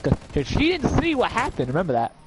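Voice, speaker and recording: Excitable, swearing man running a game. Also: high-pitched, fast talker, noisy background. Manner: excitable, profane storytelling with sound effects. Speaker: game master. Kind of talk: narrating a tabletop game.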